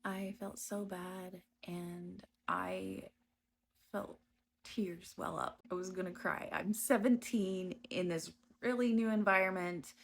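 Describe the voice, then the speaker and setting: A woman giving a personal testimony about her past, speaking slowly and hesitantly with frequent pauses and restarts. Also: on the low side, fairly even intonation, vocal fry, a little hiss or hum. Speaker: storyteller recounting her past.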